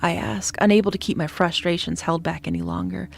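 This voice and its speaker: A woman narrating a scripted horror story in a steady, descriptive manner, sometimes dropping to a hush. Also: fairly low pitch, fairly quick, gravelly, hardly any pauses. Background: faint background music.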